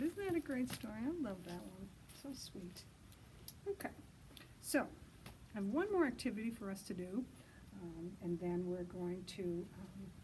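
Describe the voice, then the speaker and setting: A woman librarian leading a children's story time outdoors, reading in an animated sing-song way and hooting loudly to get kids to join in. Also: medium pitch, slight background noise, low-quality recording.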